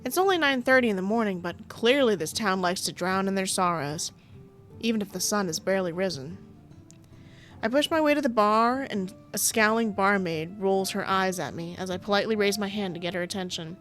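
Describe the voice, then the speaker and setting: A woman's voice: mid-range voice, expressive, brisk, faint music behind. Chatty woman streaming a dating sim. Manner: playful, chatty, sarcastic asides, frequent laughter. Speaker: game streamer. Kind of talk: playthrough reading game text with chatty commentary.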